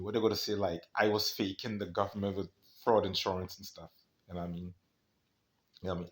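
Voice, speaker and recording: A man's voice: mid-range voice, a bit bright. A man from the United States talking in a rambling, conspiratorial monologue, constantly checking in with the listener. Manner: rambling, conspiratorial, peppers talk with "you know what I mean".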